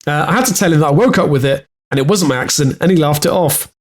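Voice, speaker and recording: A man's voice: fairly high pitch, quick pace. A man with a Welsh accent co-hosting a podcast, reading news stories aloud in casual chat with many fillers and restarts. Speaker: podcast co-host.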